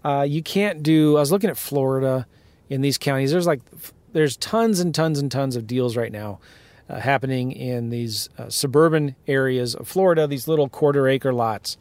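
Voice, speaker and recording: With a medium-pitched voice at normal speed and no room sound, a man records his podcast in a car. He's a real estate investor recounting a deal in an emphatic, animated, casual rant, laughing along.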